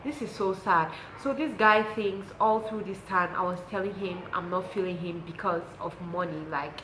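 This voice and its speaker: A woman's voice: on the low side, moderate pace, reverberant, slight background noise, low-quality recording. A young woman with a Cameroonian English accent, telling a personal story on her vlog and acting out what people said. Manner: animated storytelling, acts out quotes. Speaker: lifestyle vlogger.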